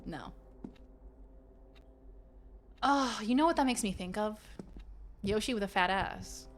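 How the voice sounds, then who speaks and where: A woman streaming a game and chatting casually with her viewers, playful and quick to slip into silly voices. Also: medium pitch, a little hiss or hum. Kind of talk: casual live-stream chat.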